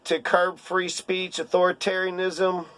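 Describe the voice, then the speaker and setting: Heated male commentator, sarcastic rant, high-pitched, dry close mic. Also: completely flat delivery, unhurried, a bit bright, smooth, no echo. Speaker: political commentator. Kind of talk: casual ranting commentary.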